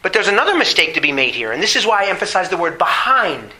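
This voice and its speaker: A middle-aged man preaching a sermon, asking the congregation questions and slowing down on key phrases. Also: sits high, very animated, pushed and bright, low-quality recording. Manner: preaching with rhetorical questions and emphatic slow phrases. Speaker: pastor.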